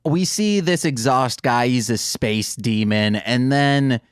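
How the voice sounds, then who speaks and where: A man co-hosting a podcast from home, chatting casually and teasing with quick jokes. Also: mid-range voice, clear, resonant tone, no room sound, studio quality. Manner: playful, teasing, jumps between jokes. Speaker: podcast co-host. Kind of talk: casual chat. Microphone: headphones on, home mic.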